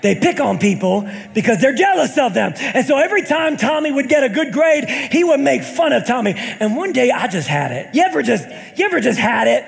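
Calling out to his congregation, a young pastor with a very high, gravelly voice tells a story in his sermon, rising into shouted, sing-song peaks with big pitch swings. He speaks fairly quickly with few pauses. Recorded live in a church hall with a long echo, a faint congregation is audible behind him.

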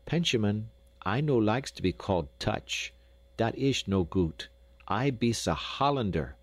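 A man voicing a good-humored Dutch boy who speaks halting broken English with a thick put-on accent and lisped s sounds, for an audiobook. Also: lowish voice, animated, husky, no echo, heavily acted. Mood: plaintive. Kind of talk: audiobook character voice.

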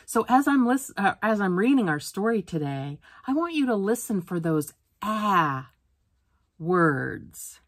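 A woman's voice: mid-range voice, very animated, a little slow, no echo, studio quality. A woman teacher reading a picture book aloud for a phonics lesson, sounding out words letter by letter.

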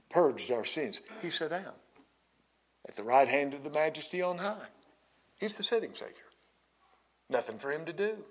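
A middle-aged male pastor preaching a sermon slowly and emphatically, with long dramatic pauses and drops to near whispers. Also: mid-range voice, fairly bright tone.

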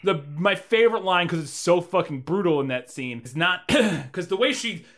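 A man co-hosting a casual movie-review podcast, animated and profane, often laughing and acting out lines from the film. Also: sits high, normal speed. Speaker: podcast co-host.

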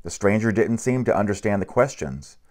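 A man reading a picture book aloud in a steady, unhurried way, with small slips and restarts. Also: lowish voice. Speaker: narrator.

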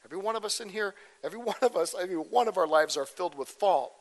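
A man's voice: sits high, expressive, rapid-fire, long reverb tail. A man preaching a verse-by-verse sermon as pastor, conversational, often checking in with "okay?" and "right?". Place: church sanctuary.

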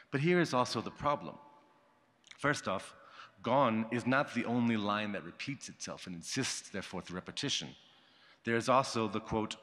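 A man giving a conference talk, reading a prepared academic paper in a formal, measured way and marking quotations aloud. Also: on the low side, fairly bright tone. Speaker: conference speaker. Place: conference hall. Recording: long hall reverb.

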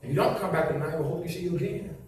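High-voiced preacher in an echoey church. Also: male voice, very fast, a loud crowd. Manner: preacherly sing-song cadence, repeated rhetorical questions. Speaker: pastor. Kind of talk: sermon. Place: church sanctuary. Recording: echoey church from far off with loud music.

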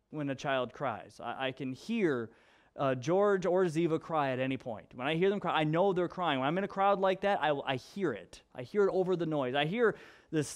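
A pastor with a fairly high-pitched voice preaches, mixing scripture with a story from home. He talks in a loose, conversational way and moves between emphatic and hushed. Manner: conversational with restarts and fillers. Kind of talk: sermon with personal storytelling.

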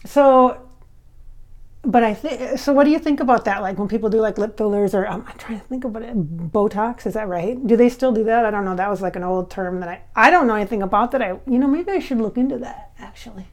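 A chatty, giggly woman with slightly blurred S sounds from clear braces, talking casually to camera from home as a medium. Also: a little high, brisk, a little mellow. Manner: chatty and giggly, many fillers and restarts. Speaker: spiritual medium and channel host.

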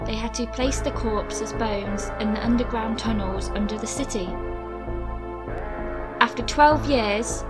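A woman reading a scripted narration in a steady, measured way as the host of a list video. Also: fairly high pitch. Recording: music bed underneath.

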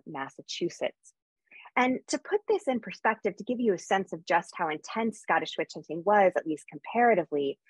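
American woman historian, lowish voice, brisk lecture, dry sound. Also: no room sound, rough recording. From United States. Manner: quick, lively lecturing with frequent fillers. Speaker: historian giving a conference talk. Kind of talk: academic lecture.

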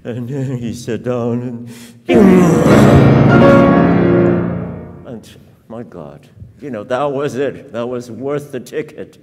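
A man's voice: mid-range voice, unhurried, hardly any pauses. A man in his fifties, a piano teacher giving a master class, telling stories in a reflective way with many fillers and laughs. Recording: reverberant hall.

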